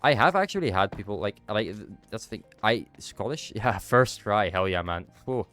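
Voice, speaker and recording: A man's voice: fairly low pitch, expressive, moderate pace, fairly bright tone, soft background music. A young Dutch man streaming a game, chatting casually with his viewers; his nose is stuffed up from a cold. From Netherlands. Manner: chatty, answers chat while playing. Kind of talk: casual chat while gaming.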